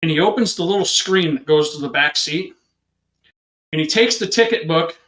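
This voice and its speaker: With a slightly high voice and a moderate pace, a male police officer livens up an interview by telling a casual story and playing the people in it. The audio sounds roomy.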